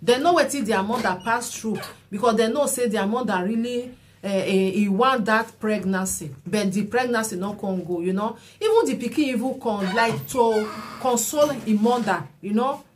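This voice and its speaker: A woman's voice: fairly high pitch, normal speed, slight background noise. Nigerian woman giving chatty advice. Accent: Nigerian Pidgin English. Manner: chatty and preachy, often adding "you know". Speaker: vlogger commenting on a viral clip.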